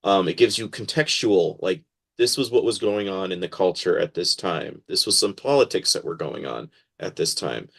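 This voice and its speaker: A man talking as a podcast guest in a casual interview, animated and acting out quoted voices as he explains. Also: sits low, normal speed, gravelly.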